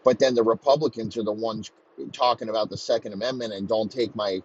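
A man's voice: lowish voice, fairly even intonation, quick pace, a little mellow, husky. A man ranting crudely and mockingly, swearing constantly in a comedic tirade. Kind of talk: profane comedic rant. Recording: slightly muffled lo-fi recording, faint background noise.

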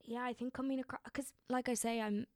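A woman's voice: fairly high pitch, steady tone, a little fast, dry recording, studio quality. A young woman actor talking in a casual interview, emotional and rambling, with many fillers and restarts.

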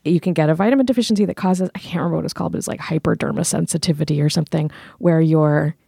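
A woman chatting on a podcast in a low voice with a gravelly edge. She tells her stories loosely, full of "like" and asides. The sound is close and dry. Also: rapid-fire, warm tone, no room sound. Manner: chatty storyteller, lots of "like". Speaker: podcast co-host. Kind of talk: casual chat.

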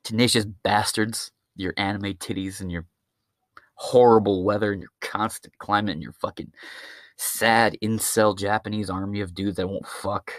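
A man's voice: fairly low pitch, fairly even intonation, normal speed, no echo, studio quality. Profane rambling man ranting on a podcast. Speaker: podcast host. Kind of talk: ranting solo podcast monologue.

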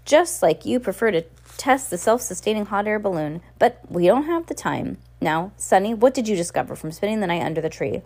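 A woman's voice: medium pitch, animated, fairly quick, darkish tone. A woman reading the lines of an earnest, bookish teenage boy who explains things eagerly. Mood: explaining.

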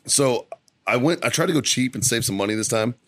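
A man's voice: mid-range voice, animated, a little fast, a bit bright, no room sound. A man co-hosting a casual podcast, telling rambling, profane stories about his weekend from a studio. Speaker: podcast co-host. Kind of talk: casual storytelling chat.

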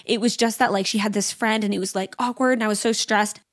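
A woman's voice: mid-range voice, fairly even intonation, fast talker. A young adult woman hosting a podcast, telling a personal story in a candid, chatty way, full of "like" and blunt asides. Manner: candid and chatty, heavy use of "like"; blunt, frank about awkward topics. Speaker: podcast host. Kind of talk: casual storytelling monologue.

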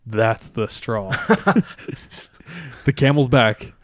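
A man with a middle-pitched voice trades jokes and questions with his co-host. His talk is casual and reactive. The recording is dry, with no room sound. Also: animated, no echo. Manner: joking, reactive, quick to laugh. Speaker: podcast co-host. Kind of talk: casual chat.

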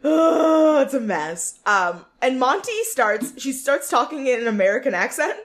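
A woman's voice: fairly high pitch, moderate pace. A young woman co-hosting a podcast, chatting casually about a reality show, giggly and full of fillers. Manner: animated, giggly, lots of fillers. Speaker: podcast co-host.

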